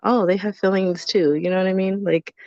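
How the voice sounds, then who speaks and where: A woman co-hosting a live podcast, telling stories in a chatty, animated way full of fillers. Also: mid-range voice, brisk, no room sound, muffled recording. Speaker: podcast co-host. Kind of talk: casual live podcast chat.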